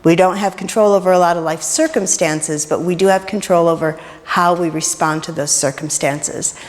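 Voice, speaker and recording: A woman's voice: lowish voice, steady tone, normal speed. A middle-aged woman minister giving a sermon during worship, with a playful manner and joking asides. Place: church sanctuary during worship. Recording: long reverb of a large hall.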